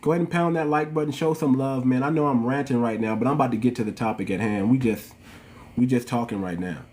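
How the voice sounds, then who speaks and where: A man's voice: mid-range voice, fast talker, darkish tone. A man with an African American English accent hosting a livestream, ranting to his viewers in a preachy, repetitive way and calling them family. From United States. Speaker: channel host.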